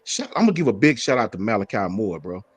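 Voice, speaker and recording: A man hosting a casual sports talk stream, greeting viewers in slang and talking in animated bursts. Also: on the low side, fast talker, breathy edge, no room sound. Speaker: sports talk show host.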